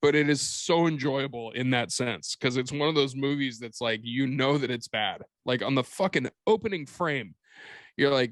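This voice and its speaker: A man's voice: mid-range voice, normal speed, no echo, clean studio sound. A man talking as a podcast guest in a casual film-review chat, rambling, swearing and laughing often.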